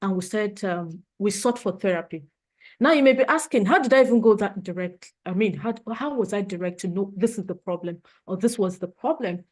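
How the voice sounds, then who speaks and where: A woman's voice: mid-range voice, brisk, a little mellow. A woman trainer giving a motivational leadership talk, earnest and emotional, repeating her points for emphasis.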